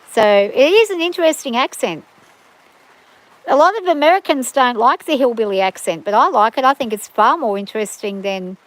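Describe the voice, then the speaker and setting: Chatty woman, rambling, fairly high voice. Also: no echo, poor audio. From Australia. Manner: chatty, rambling, frequent restarts. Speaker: livestream host on a farm. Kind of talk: casual rambling chat.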